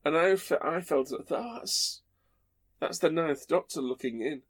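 A man's voice: fairly high pitch, a little slow, fairly bright tone, slightly rough. A man hosting a podcast, telling fond, rambling stories with playful asides. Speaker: podcast host. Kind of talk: casual chat.

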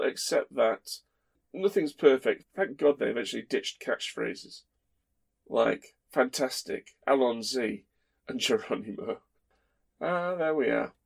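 A man's voice: mid-range voice, vocal fry, husky. A man hosting a podcast, telling fond, rambling stories with playful asides. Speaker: podcast host. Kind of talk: casual chat.

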